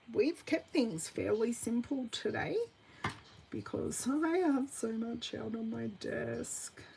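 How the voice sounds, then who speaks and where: A woman demonstrating card making at her craft desk, chatting and thinking aloud with bursts of excitement. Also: fairly high pitch, creaky, a little hiss or hum, rough recording. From Australia. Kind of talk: live crafting tutorial chat.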